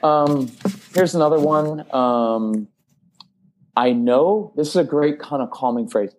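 Animated man giving parenting advice. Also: fairly high pitch, slow pace. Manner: animated, acts out parent phrases. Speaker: parenting expert guest. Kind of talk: casual podcast conversation.

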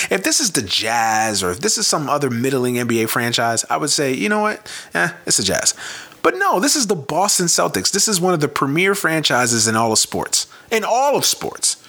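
Casting: man, bright voice, lively swooping pitch, profane and emphatic sports rant. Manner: profane, emphatic, repetitive ranting. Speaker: sports commentator.

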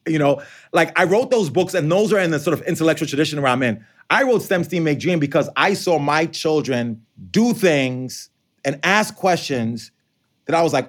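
Animated, fairly high-voiced man. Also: normal speed. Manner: animated, conversational, acts out quotes. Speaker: author and educator. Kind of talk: interview answers.

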